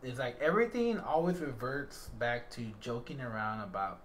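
A man in casual chat who gives chatty, opinionated commentary with lively emphasis. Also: medium pitch, normal speed.

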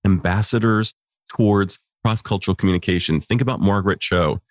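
A man's voice: low voice, brisk, dry recording, clean studio sound. A man hosting an interview, asking thoughtful questions and reflecting on ideas in academic terms. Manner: thoughtful, uses academic vocabulary. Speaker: interview host. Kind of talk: podcast interview.

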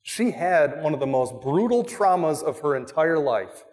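A man preaching a sermon as a pastor, animated, asking the congregation questions and acting out quoted voices. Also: on the high side, normal speed, long reverb tail. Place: church.

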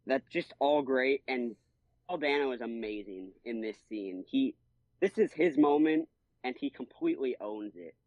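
Excited slangy man on a dull dry mic. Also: mid-range voice, normal speed, vocal fry, dry recording. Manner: enthusiastic, slangy, acts out quotes. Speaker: podcast co-host. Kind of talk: casual podcast chat.

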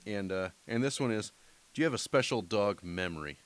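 A man hosting a podcast interview, his voice a little low. He asks questions in a relaxed way and tosses in jokes with a laugh. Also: a little fast, no echo. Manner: joking, laughs while asking. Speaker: podcast host.

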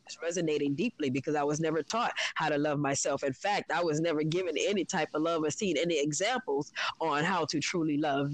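A woman's voice: sits low, no room sound, low-quality recording. A woman candidly telling her spiritual story in a frank, profane, reflective way, with many fillers.

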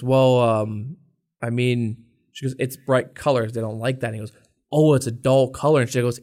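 A young man co-hosting a podcast, telling a rant-filled story in casual chat, cursing and acting out customers. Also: mid-range voice. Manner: profane, exasperated storytelling, acts out customers. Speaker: podcast co-host.

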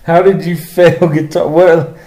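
A man's voice: fairly high pitch, little pitch movement, unhurried, warm tone. A young man co-hosting a podcast, teasing and laughing in casual chat. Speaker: podcast co-host. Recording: echoey room.

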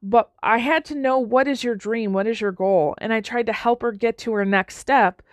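A woman's voice: on the high side, moderate pace, no room sound, clean studio sound. A woman giving a motivational talk on leadership, telling stories in an earnest way and acting out the people she quotes. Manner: earnest, restarts often, acts out quoted dialogue. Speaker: leadership speaker.

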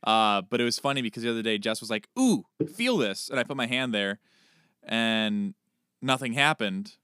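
Jokey podcast co-host, man, bright clear voice, dry close recording. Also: on the low side, normal speed, dry recording. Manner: jokey, animated storytelling. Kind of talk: casual chat.

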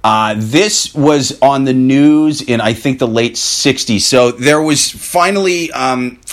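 A man's voice: medium pitch, slow. A man co-hosting a casual podcast, telling stories loosely with lots of swearing, fillers and restarts. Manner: loose, profane storytelling with many restarts. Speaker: podcast co-host. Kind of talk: casual chat.

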